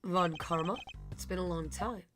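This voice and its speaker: A woman's voice: fairly low pitch, moderate pace, natural voice. A woman reading aloud as a stern, arrogant older male prosecutor, in a haughty, scornful way. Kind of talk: reading game dialogue aloud. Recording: game music behind the voice.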